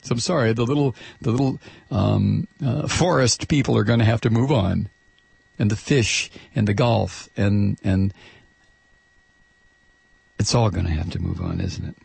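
Gravelly, sarcastic male radio host. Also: on the low side, measured pace, pauses often, a little mellow, no echo. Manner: sarcastic, indignant. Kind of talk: ranting political monologue.

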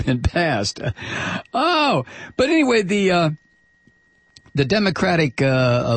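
Gravelly ranting radio host man. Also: dry recording. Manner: ranting and mocking, with bursts of high-pitched shouting; halting, with many fillers and restarts. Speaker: radio talk show host. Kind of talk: political talk radio monologue.

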